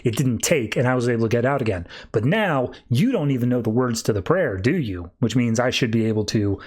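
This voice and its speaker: A mocking death god with a jackal's head, put on by a man recapping a comic. He boasts and taunts in a mid-pitched, offhand way. The voice is close to the speaker's own. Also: lively intonation, fairly quick, a little mellow, breathy edge. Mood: menacing.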